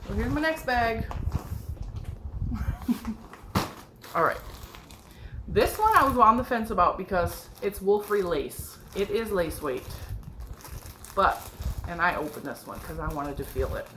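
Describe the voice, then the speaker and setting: A middle-aged woman with a nasal, stuffed-up voice excitedly showing off her yarn haul in a casual video, gushing and laughing often. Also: mid-range voice, slow, pauses often, a little hiss or hum, rough recording. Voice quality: nasal from a cold. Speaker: yarn and crochet vlogger. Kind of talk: excited casual show-and-tell.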